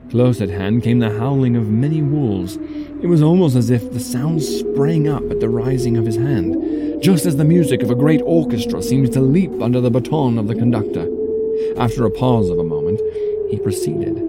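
A man giving measured, dramatic first-person audiobook narration. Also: medium pitch, very animated. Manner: measured, storytelling delivery. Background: faint music.

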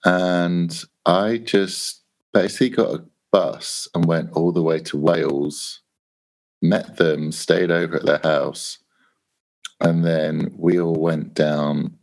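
Deep-voiced english guy telling a story on a podcast, animated, does everyone's voices. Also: slow, gravelly. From England. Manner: animated anecdote, swearing, laughing, acts out quoted voices. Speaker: guest. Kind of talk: casual storytelling.

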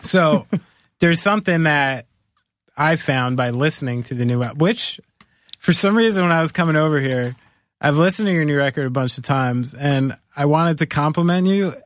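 A man's voice: on the high side, moderate pace, dry recording. Joking, rambling male podcast host. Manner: joking, rambling, laughs often. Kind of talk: casual chat.

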